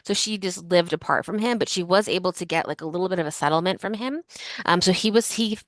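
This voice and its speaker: A woman's voice: fairly low pitch, fast, no room sound, studio quality. A woman hosting a casual history podcast, telling a story in a chatty way full of fillers like "like" and "um". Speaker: podcast host.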